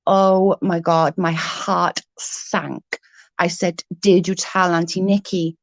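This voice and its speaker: A woman in her thirties vents into the camera with a fairly low voice, her swearing storytelling loose and fired up. The sound is dry and close, with no room behind her. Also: takes it slowly, no room sound. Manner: heated, swears freely, animated retelling. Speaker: vlogger. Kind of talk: casual storytelling vlog.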